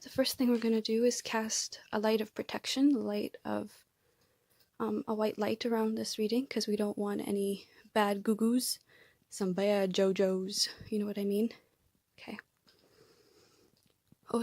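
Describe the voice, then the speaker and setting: A woman's voice: fairly high pitch, darkish tone, no echo. A woman doing a casual tarot reading at home, chatty and rambling, with frequent restarts and asides. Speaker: tarot reader and psychic channeler. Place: room at home.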